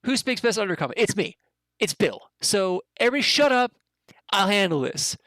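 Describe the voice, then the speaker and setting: A game master voicing a boastful, bickering male goblin in a tabletop role-play game, in a high, squabbling voice. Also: lively intonation, a little fast, fairly bright tone, no room sound.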